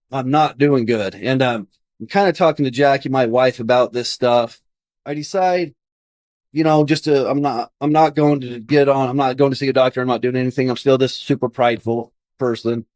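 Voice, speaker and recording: A man's voice: medium pitch, darkish tone, no room sound. A man in his thirties, a podcast guest, earnestly telling a personal story in conversation and acting out his own past thoughts.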